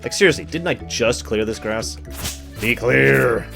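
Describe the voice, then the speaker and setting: A man's voice: lowish voice, expressive, fairly quick, fairly bright tone, soft background music. A man streaming a game, giving casual commentary with dry, wry asides. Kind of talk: casual let's-play commentary.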